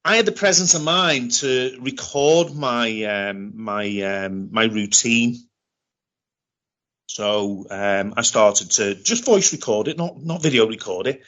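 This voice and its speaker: A middle-aged British man telling a personal story in an interview, halting and often repeating himself as he restarts. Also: mid-range voice, fairly bright tone. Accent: British English. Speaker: interview guest. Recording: dull lo-fi recording.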